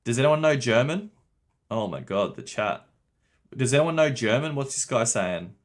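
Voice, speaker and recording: A man's voice: medium pitch, big pitch swings, normal speed. A young man streaming a game, chatting casually with his viewers, swearing and laughing often. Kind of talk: casual livestream commentary.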